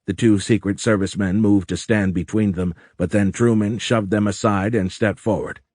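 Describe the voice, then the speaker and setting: A man narrating an audiobook in a steady, even storytelling delivery. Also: fairly low pitch, normal speed, no room sound, clean studio sound. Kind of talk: scripted narration.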